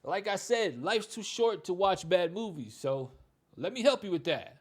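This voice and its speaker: A man's voice: high voice, big pitch swings, moderate pace, slightly rough. A man reviewing a movie in a loose, candid, conversational way, with plenty of "you know" and "like.". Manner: candid, blunt opinions. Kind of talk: casual spoken movie review.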